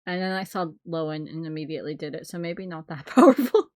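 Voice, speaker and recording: A woman streamer reacting casually on a live stream, expressive and swearing, often laughing. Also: sits low, fast, dry recording, studio quality.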